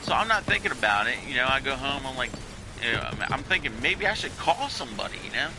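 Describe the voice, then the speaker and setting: A man from Delaware rambles through a story while gaming with friends, repeating himself and circling back. His voice sits at an ordinary pitch. Game sounds run clearly behind him. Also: big pitch swings, fast talker, background noise. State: has been drinking. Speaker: gamer telling a story. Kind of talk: casual chat while gaming.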